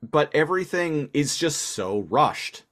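A man's voice: a little high, expressive, a little slow, a bit bright. A man co-hosting a casual review podcast, talking in a dry, agreeable way that trails off into mumbles. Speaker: podcast co-host.

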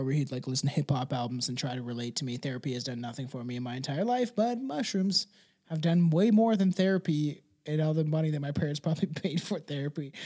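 A man's voice: a little high, darkish tone. Rambling, profane male podcast co-host. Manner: rambling, profane, laughs easily, drops into a mumble. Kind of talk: casual chat.

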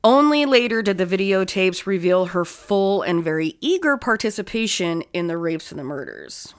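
A woman's voice: medium pitch, very animated, normal speed, clear, resonant tone. Woman, podcast co-host, casual true-crime chat, dry sarcastic asides, frequent swearing. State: sore tooth.

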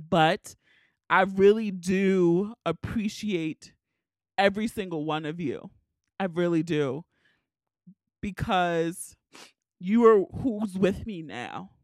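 A woman's voice: fairly low pitch, dry recording, studio quality. Tearful woman podcaster, candid and emotional. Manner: emotional, candid, swears casually. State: tearful, crying. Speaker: podcast host. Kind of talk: solo podcast monologue.

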